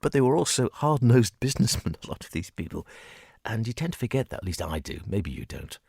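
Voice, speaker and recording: A man's voice: fairly low pitch, very animated, brisk, creaky, a little mellow, breathy edge, no room sound. A man presenting a radio music show in a studio, chatty and digressive, chuckling as he goes. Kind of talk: casual music-show chat.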